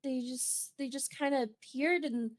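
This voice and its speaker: A woman's voice: sits high, fairly even intonation, a little slow. A woman playing in a tabletop game, speaking hesitantly in character with many restarts. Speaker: player. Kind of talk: in-character tabletop role-play.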